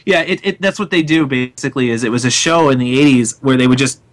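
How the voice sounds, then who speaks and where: A podcast host in his twenties speaks at medium pitch and a fast clip. He runs a casual chat show, talking a lot and laughing often.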